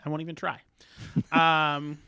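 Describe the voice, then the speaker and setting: A man's voice: a little high, completely flat delivery, slow, gravelly, bright, forceful tone, smooth, no echo, studio quality. A man co-hosting a casual chat podcast, recapping a show in a chatty, playful way. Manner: chatty, recaps plots with playful quoted voices. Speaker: podcast co-host.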